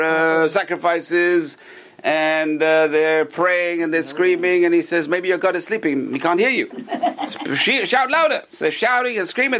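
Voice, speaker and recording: A man's voice: on the high side, fairly bright tone, slight background noise. A man teaching a Torah class to a small group, telling stories with animation and putting questions to his listeners.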